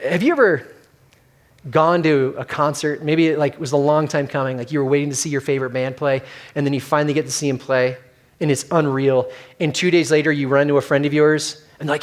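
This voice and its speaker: Male pastor, middle-aged, higher voice, casual animated sermon delivery. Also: brisk. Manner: conversational, animated storytelling with acted quotes.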